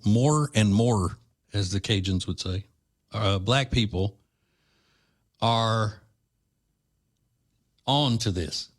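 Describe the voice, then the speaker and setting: A man from Louisiana hosting a podcast, giving blunt, combative political commentary with rambling asides. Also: fairly low pitch. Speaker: podcast host.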